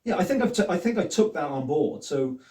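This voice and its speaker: A man's voice: a little high, animated, fairly quick, warm tone. A man speaking as a guest in a casual interview, thoughtful and agreeable. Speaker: guest, fan-film actor. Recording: echoey room, mic at a distance.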